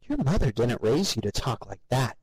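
A man voicing a cheerful, doting middle-aged mother who is oblivious to the horror around her, in a high sing-song voice. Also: very animated, moderate pace, dry recording, low-quality recording. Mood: scolding.

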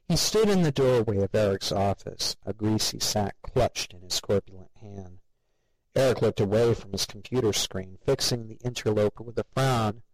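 A man's voice: lowish voice, moderate pace, dry recording, rough recording. A man narrating a story as an audiobook reader, voicing the characters himself. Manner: steady, gravelly, reads all the voices. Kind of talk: scripted narration.

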